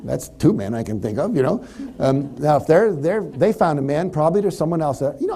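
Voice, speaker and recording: Guy lecturing a seminar crowd, slightly high voice, warm mellow tone, chatty, acts out little quotes. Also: animated, a little fast. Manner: conversational, acts out example thoughts in quotes. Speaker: motivational speaker. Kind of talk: seminar lecture to a live audience. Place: lives in California.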